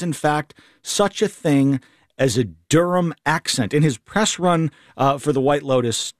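Lively male radio host. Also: medium pitch, no echo, studio quality. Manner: playful, questioning. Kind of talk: radio interview.

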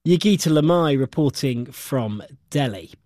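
A man presenting the news, reading a script in a crisp, formal way. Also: mid-range voice, expressive, a little slow, a little mellow, dry recording.

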